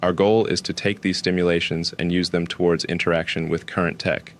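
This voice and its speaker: Guy doing a smug deadpan tech billionaire, real low voice, faint hiss behind. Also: a little fast. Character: smug careless tech billionaire, adult man. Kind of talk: comedic interview sketch.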